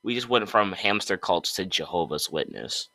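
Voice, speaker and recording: Brief: young male co-host, bright voice with lively pitch, jokey and animated. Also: moderate pace. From United States. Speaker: podcast co-host. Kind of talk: casual chat.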